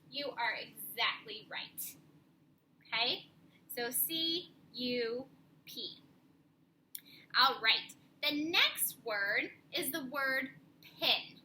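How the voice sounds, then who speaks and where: A young woman teacher giving a slow, clear, encouraging spelling lesson to young children from her classroom. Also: sits high, sing-song, sharp tone, a little hiss or hum, poor audio.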